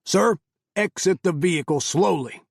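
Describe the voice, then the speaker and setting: A hard-edged male security commander who growls and barks, as a male narrator puts him on. The voice sits raised and strained, with a gravelly grain. It is heard in a dry, close audiobook read. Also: high-pitched, very animated, moderate pace, fairly bright tone, no room sound, voice pushed up, heavily acted. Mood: barking. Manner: barking, growling orders. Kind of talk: audiobook character voice.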